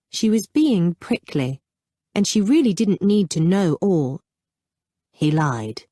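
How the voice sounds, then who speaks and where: A woman narrating an audiobook romance novel in a calm, measured storytelling manner. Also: on the low side, dry recording, studio quality. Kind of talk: scripted narration.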